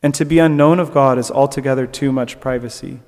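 A young man speaks fairly quickly in a mid-range voice, his sermon reflection echoing in a large hall. The preacher's style is conversational, with fillers and restarts, and he grows animated when storytelling.

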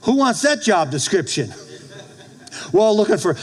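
A middle-aged man, a pastor, preaching a sermon in an animated way, often laughing and acting out little quotes. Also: a little high, moderate pace.

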